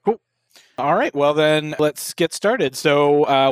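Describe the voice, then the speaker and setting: A young adult man hosting a casual podcast from a hotel room, relaxed and rambling, with plenty of fillers. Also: a little high, slow, smooth, no echo. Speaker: podcast host.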